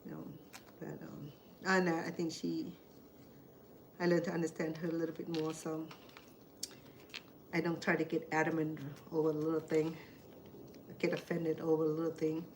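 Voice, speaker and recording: A woman's voice: sits low, completely flat delivery, moderate pace, pauses often, slight background noise. Chatty Cambodian-accented woman cooking. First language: Khmer. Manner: chatty, rambling storyteller. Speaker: cooking show host. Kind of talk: casual chat while cooking.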